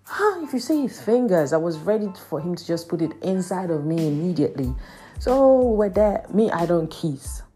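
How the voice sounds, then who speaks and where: A young woman telling a personal story in casual chat, animated, with lots of "like" and "man". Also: normal speed, soft background music. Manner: animated, raises pitch sharply for quoted voices, heavy "like" and "man".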